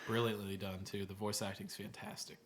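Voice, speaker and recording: A man's voice: on the low side, little pitch movement, fairly quick. A man co-hosting a casual podcast chat, talking eagerly and leaning on filler words. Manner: enthusiastic, many "like" fillers. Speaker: podcast co-host.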